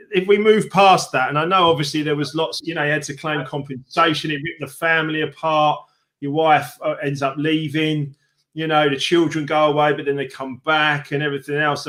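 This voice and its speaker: A man's voice: a little high, bright, forceful tone. A man hosting an interview, empathetically recapping his guest's story back to him. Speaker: host. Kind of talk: conversational interview.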